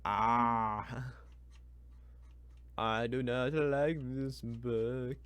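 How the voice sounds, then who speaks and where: A young man reacting live to a book, exasperated and ranting, going from mutters to loud complaints. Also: mid-range voice, lively intonation, unhurried. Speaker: reviewer.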